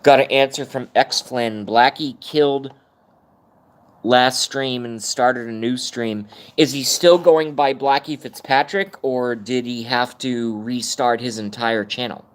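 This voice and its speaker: This middle-aged livestream host has a clean, mid-range voice with fairly even intonation, and he talks a little slowly. He rambles through a casual rant, swearing while chatting with viewers.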